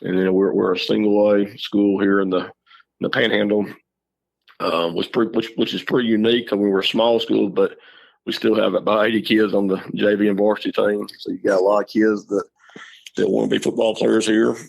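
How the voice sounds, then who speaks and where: A middle-aged man, a high school football coach telling stories in a casual interview, rambling and restarting his words. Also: little pitch movement, fairly quick, creaky, poor audio. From Georgia, USA.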